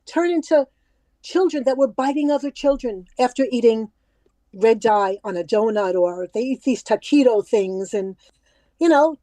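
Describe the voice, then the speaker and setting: Mellow-voiced woman. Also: a little high, lively intonation, moderate pace, no room sound, rough recording. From Queens, New York. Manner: emphatic, talks in long runs. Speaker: guest. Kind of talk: casual chat.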